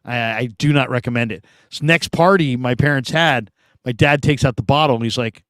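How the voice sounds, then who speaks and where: A middle-aged man from California hosting a sports show, chatting casually through live comments and telling stories with animated quoted voices. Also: medium pitch, brisk, smooth, no room sound, clean studio sound. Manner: animated storytelling, laughs often, acts out quoted voices.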